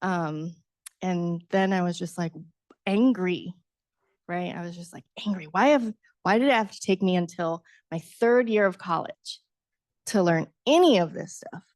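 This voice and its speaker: A middle-aged woman, a book author, telling a lively personal story at a book talk, laughing often and acting out her younger self. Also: lowish voice, a little slow, no room sound, clean studio sound. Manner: animated, acts out her past self, laughs often, says "right?". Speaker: author guest.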